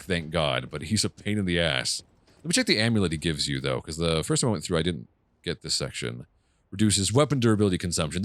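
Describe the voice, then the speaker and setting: A man casually commenting on his own game playthrough, swearing often and reacting loudly to what happens on screen. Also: low voice, no room sound. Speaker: gaming channel host. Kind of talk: casual let's play commentary.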